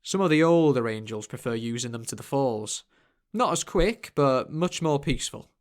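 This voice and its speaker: A man's voice: mid-range voice, expressive, normal speed, natural voice. A man voicing a kindly older male angel boatman with a Yorkshire accent, chatty and folksy.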